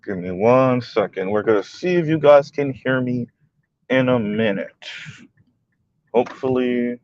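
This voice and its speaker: A man's voice: mid-range voice, measured pace, darkish tone, lo-fi sound, slight background noise. A man hosting a live stream, ranting and mocking as he comments, often swearing and laughing.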